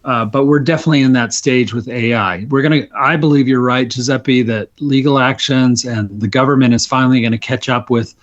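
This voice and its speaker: A man's voice: medium pitch, fairly even intonation, fairly quick, hardly any pauses. A man, a guest animator, talking reflectively and with conviction in a casual podcast discussion. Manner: reflective, building to passionate conviction. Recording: muffled, dull audio.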